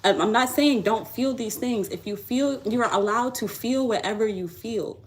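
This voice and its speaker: A woman's voice: mid-range voice, fairly quick, a little hiss or hum. A woman tarot reader talking on a live stream, blunt, profane and preachy. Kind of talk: live tarot reading chat.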